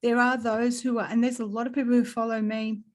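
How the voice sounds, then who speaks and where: A woman with an Australian accent, chatting casually as a guest and telling a story in an animated way, acting out what people said and swearing freely. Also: fairly high pitch, fairly quick. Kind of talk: casual chat.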